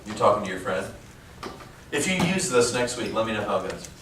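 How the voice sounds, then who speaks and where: A man in his thirties, a pastor, preaching a sermon in a casual, emphatic way, slowing down to stress key phrases and joking with the congregation. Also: fairly low pitch, very animated, fairly bright tone, recorded from a distance. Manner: conversational, jokes with the congregation. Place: large church auditorium. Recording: echoey church hall, faint room noise.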